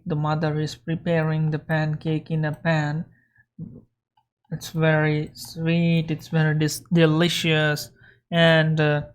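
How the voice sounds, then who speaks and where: A woman teacher explaining a lesson and reading a story aloud over slides, slowly and carefully. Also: sits low. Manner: slow, explanatory, with restarts.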